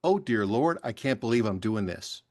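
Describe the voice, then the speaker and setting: A man's voice: lowish voice, expressive, moderate pace, darkish tone. A man hosting a radio interview, asking open questions and reacting briefly.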